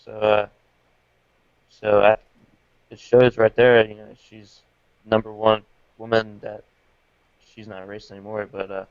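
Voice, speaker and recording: A young male guest with a lower, smooth voice, speaking in a relaxed, halting way. His audio comes through dry and slightly dull, like a remote call line. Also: no echo. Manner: laid-back, hesitant. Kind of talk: casual interview chat.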